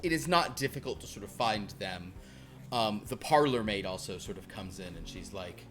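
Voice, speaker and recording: Lively, bright-voiced male game master. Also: lowish voice, normal speed, faint music behind. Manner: hesitant, thinking aloud. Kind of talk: running a tabletop game.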